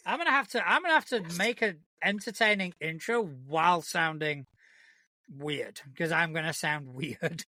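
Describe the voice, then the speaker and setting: A man co-hosting a casual podcast, his voice bright and forward in tone. He thinks out loud in a relaxed way and swears freely, recorded close and dry. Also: fairly high pitch, moderate pace, dry recording. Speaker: podcast co-host. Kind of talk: casual chat.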